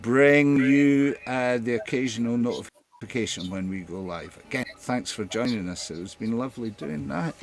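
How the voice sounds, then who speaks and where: A man's voice: medium pitch, normal speed. A man hosting a live online show, talking with frequent hesitations and fillers. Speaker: host.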